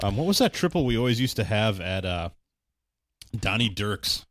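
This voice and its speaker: A man's voice: on the low side, sing-song, moderate pace, a bit bright, dry recording, studio quality. A man co-hosting a casual beer-tasting podcast in a laid-back, profane, hesitant way. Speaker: podcast co-host.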